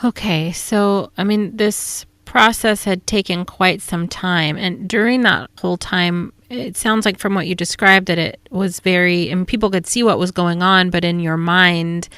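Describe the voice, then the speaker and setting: A woman hosting an interview, listening closely with short affirmations and asking gentle questions. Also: fairly low pitch, fairly even intonation, unhurried, hardly any pauses, clear, resonant tone, dry recording.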